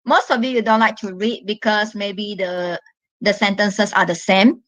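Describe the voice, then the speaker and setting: A woman from Malaysia giving an online English lesson, explaining step by step in a slow, patient way and stressing the key words. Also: medium pitch, fairly even intonation, fairly bright tone, dry recording, rough recording. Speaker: English teacher.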